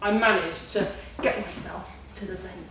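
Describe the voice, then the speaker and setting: Speaking to a class, a kickboxing student in her forties recounts her gradings, voicing both her inner thoughts and her family's remarks. Her medium-pitched voice is steady, a bit bright and at normal speed. It sounds distant and very echoey, with faint ambience and a little hiss or hum.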